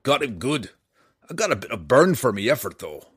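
A man voicing a gruff, stubborn male dwarf warrior who growls and roars his words in folksy turns of phrase for a fantasy audiobook. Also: mid-range voice, very animated, normal speed, no room sound, clean studio sound.

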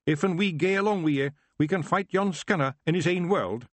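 A man's voice: high voice, a little fast, dry recording, pitched above the performer's own voice. A man voicing a tiny fierce male pictsie clan chief with a broad Scottish accent and a boisterous manner. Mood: eager.

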